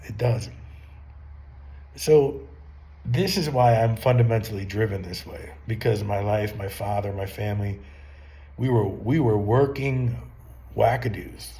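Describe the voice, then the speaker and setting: A man's voice: lowish voice, unhurried, long pauses, dark tone. A middle-aged man talking casually to camera, rambling and full of rhetorical questions. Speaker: channel host giving business advice. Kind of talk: casual advice monologue.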